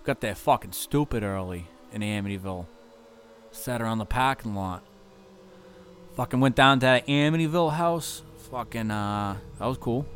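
A man's voice: medium pitch, moderate pace, a bit bright, a little hiss or hum. Rambling, foul-mouthed touring musician guy. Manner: loose, profane, rambling with constant fillers. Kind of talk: rambling casual tour recap.

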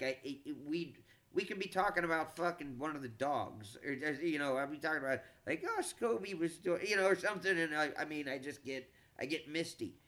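A middle-aged man, a comedian, telling a long story in a casual, animated, profane way, with frequent stammered restarts. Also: medium pitch.

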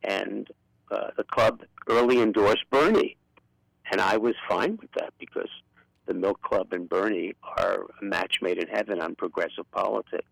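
A man's voice: deep voice, moderate pace, creaky, fairly bright tone, no room sound, rough recording. An older man with a Brooklyn accent, speaking as an impassioned guest in a radio interview. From Brooklyn, New York. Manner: outspoken and impassioned. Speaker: guest, political activist.

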